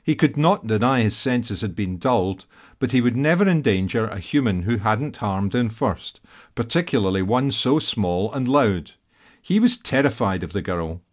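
A man reading an audiobook as narrator in a measured, storytelling style. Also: on the low side, lively intonation. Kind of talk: scripted narration.

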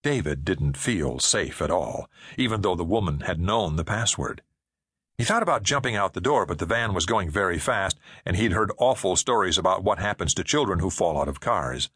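Husky, low-voiced male audiobook narrator. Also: no echo, studio quality. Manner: measured, expressive storytelling. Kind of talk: scripted narration.

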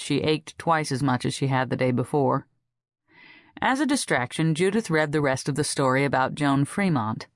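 A woman narrating an audiobook in a steady, even storytelling manner. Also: low voice, no echo, studio quality. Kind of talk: scripted narration.

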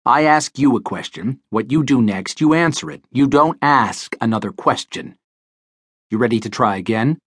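Man doing a cold blunt thief, low and clipped, husky, dry close audiobook sound. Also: lively intonation, moderate pace, a bit bright, dry recording. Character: cold, curt male professional thief. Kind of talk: audiobook character voice.

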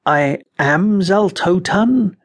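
A man voicing a revived ancient sorcerer, speaking in a slow, eerie whisper. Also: sits high, expressive, full character voice. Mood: dazed. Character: revived ancient male sorcerer, dazed and hollow. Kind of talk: audiobook character reading.

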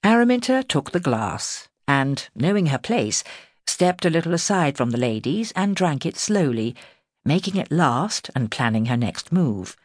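A woman narrating a historical novel in a measured, expressive storytelling manner, close to the mic. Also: low voice, no echo. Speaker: audiobook narrator. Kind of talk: scripted narration.

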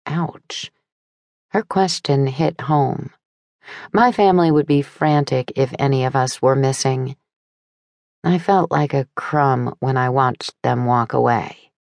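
A woman narrating an audiobook in the first person, with measured, wry storytelling. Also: sits low, darkish tone, dry recording, clean studio sound.

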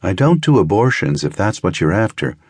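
A man voicing a brisk, probing woman doctor who asks direct questions. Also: on the low side, big pitch swings, darkish tone, breathy edge, no echo.

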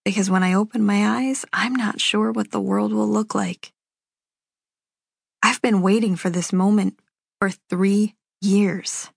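A woman reading a first-person novel aloud as an audiobook, in a measured, unhurried telling. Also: mid-range voice, steady tone, creaky, breathy edge, no echo, clean studio sound. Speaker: audiobook narrator.

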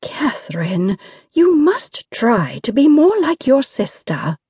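A woman's voice: high-pitched, very animated, slow, mellow, husky, dry recording, clean studio sound, voice pushed up, full character voice. A woman voicing a prim, stern governess. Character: prim female governess, stern but smitten.

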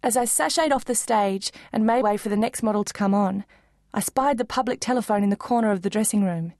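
A woman narrating a children's book in first person, lively and expressive. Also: medium pitch, fairly quick, no room sound, studio quality. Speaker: audiobook narrator.

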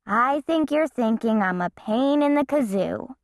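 A woman's voice: on the high side, animated, unhurried, no echo, clean studio sound. A woman voicing a spunky, mischievous little girl in a bouncy, cheeky way. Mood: sheepish.

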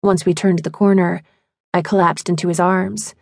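A woman narrating a first-person audiobook in an emotional, expressive way on a studio mic. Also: lowish voice, normal speed, creaky, no room sound.

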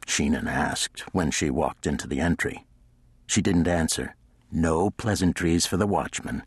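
A man narrating a thriller audiobook in a measured, gritty manner on a close studio mic. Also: a bass voice, slightly rough, no room sound. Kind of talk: scripted narration.

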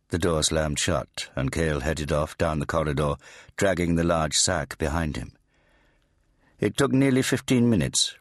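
Casting: male audiobook narrator, very low voice, measured, dry studio read. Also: dry recording. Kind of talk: scripted narration.

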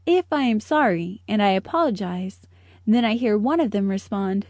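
A woman narrating a children's audiobook in a bright, cheerful storytelling manner. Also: medium pitch, expressive, moderate pace, no echo.

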